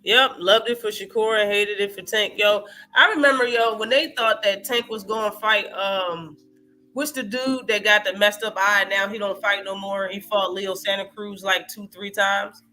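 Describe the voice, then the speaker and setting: Brief: high, bright-voiced man, streaming host, animated and profane, faint music behind. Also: moderate pace. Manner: animated, profane, reacts to live chat. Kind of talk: casual live-stream boxing talk.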